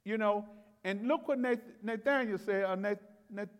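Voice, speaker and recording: A male pastor preaching a Bible-teaching sermon in a folksy, conversational way, with chuckles, repeated words and loud bursts of emphasis. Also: sits high, normal speed, smooth, in a large hall. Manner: rises to loud exclamations for emphasis. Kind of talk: expository sermon.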